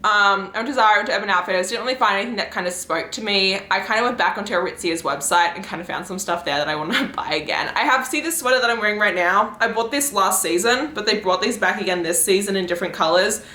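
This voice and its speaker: Talking fast with hardly any pauses, this young woman in her twenties vlogs about books in a mid-range voice with a bright, forceful tone. She rambles casually, full of fillers and giggles, moving between a room at home and outdoors during a lunch break, and the recording carries room echo.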